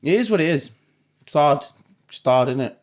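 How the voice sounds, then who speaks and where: A man, a podcast guest, talking in a halting, tearful way that trails off into near-silence. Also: on the high side, expressive. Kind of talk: emotional podcast conversation.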